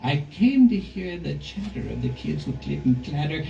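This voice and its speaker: A grotesque old bogeyman who brags in bouncing rhymes, put on by a male storyteller. The voice sits a little high but is warm and mellow. It comes from some distance in an echoey room, slightly dull. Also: big pitch swings, moderate pace, vocal fry, slight background noise. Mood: boastful. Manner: singsong rhyming boasts. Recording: roomy, distant, dull live recording.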